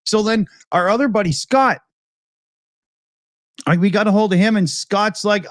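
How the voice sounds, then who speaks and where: A man's voice: high voice, normal speed, no room sound, studio quality. A man hosting a casual talk show, telling rambling stories with lots of laughs. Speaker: show host. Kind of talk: casual chat.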